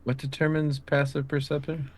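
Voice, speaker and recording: A man's voice: on the high side, little pitch movement, moderate pace. Casual man at a game table. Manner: casual, asking rules questions. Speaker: player.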